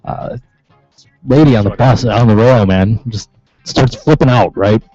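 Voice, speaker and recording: A man's voice: medium pitch, unhurried, dark tone, no room sound, lo-fi sound, soft background music. A man with a Western New York accent on a casual talk show, telling a rambling, swear-filled anecdote with laughs. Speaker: show regular. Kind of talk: casual banter.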